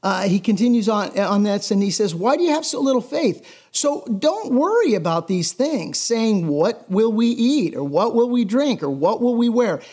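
A man's voice: high-pitched, very animated, moderate pace, few pauses, a little mellow. A middle-aged male pastor giving a sermon in a conversational, emphatic way, often repeating himself for stress.

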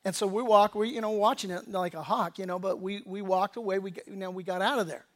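A male pastor giving a sermon in a conversational, animated way, telling stories with quick asides and laughs, often restarting words. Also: high-pitched.

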